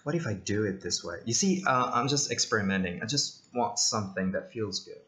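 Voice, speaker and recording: A man casually talking through a software tutorial, thinking aloud with many ums and side jokes. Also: fairly low pitch, animated, fairly quick. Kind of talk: casual screen-recorded tutorial.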